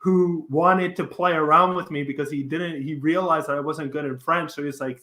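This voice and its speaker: A man's voice: a little high, fairly even intonation, normal speed, few pauses, sharp tone, reverberant. A man from Montreal chatting as a host, rambling, laughing as he talks and losing his words. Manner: rambling, laughs while talking, loses words. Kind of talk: casual chat.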